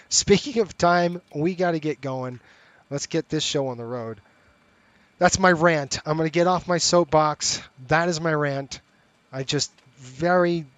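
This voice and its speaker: A middle-aged man with a slightly high voice chats casually to his viewers while streaming a flight sim. He talks straight to the audience in an easy, conversational way. The sound is close and dry, with no room echo. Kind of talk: casual live-stream chat and commentary.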